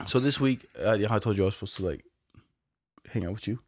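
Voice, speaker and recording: A man's voice: fairly low pitch, quick pace, slight background noise. A man co-hosting a podcast, telling stories in loose, slangy, profane casual chat. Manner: laid-back slangy storytelling, lots of profanity. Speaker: podcast co-host.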